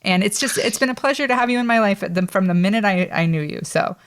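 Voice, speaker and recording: A woman's voice: mid-range voice, fast, smooth. A woman hosting a podcast, chatting casually with a friend and laughing often as she tells stories. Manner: warm, laughing, chatty storyteller. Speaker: podcast host.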